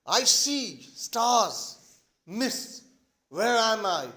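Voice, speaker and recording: A man's voice: very high voice, sing-song, slow pace, bright, forceful tone, voice pushed up, exaggerated voice. A man voicing an anxious, hypochondriac young landowner, gasping and overwrought. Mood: dazed.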